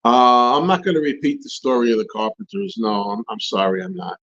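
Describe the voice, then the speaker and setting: A man's voice: mid-range voice, expressive, a little fast, fairly bright tone, muffled recording. A man hosting a live stream, answering viewer questions in casual rambling chat, repeating and restarting his phrases as he rants.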